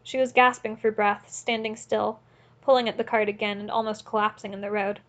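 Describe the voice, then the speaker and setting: A woman narrating an audiobook in a steady, earnest reading voice, now and then correcting a slip. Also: medium pitch, fairly quick. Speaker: audiobook reader.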